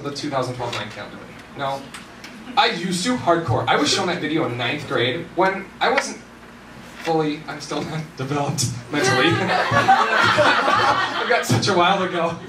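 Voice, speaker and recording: A young man doing a live stand-up routine at a university event, animated and self-mocking, with mumbled asides between louder bits. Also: fairly high pitch, normal speed, a crowd in the background. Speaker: stand-up comedian. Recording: echoey hall from far off, noisy.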